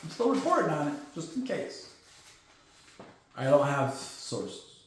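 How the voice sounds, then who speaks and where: Male sports host, blunt and sarcastic, high voice, recorded in a very echoey room. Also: big pitch swings, measured pace, background noise. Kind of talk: casual football news commentary.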